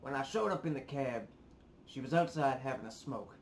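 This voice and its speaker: A man's voice: medium pitch, moderate pace, slight background noise. A young man hosting his reaction vlog, casually ranting at his viewers, swearing a lot and sounding worked up. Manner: swears often, animated and worked up. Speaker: reaction video host.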